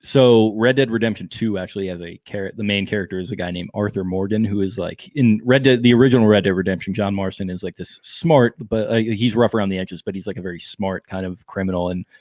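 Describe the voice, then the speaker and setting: Laid-back male podcast co-host with a lowish voice and a dry, close sound. He rambles easily in casual chat. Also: a little mellow, dry recording. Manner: laid-back, rambling, drops into quick impressions.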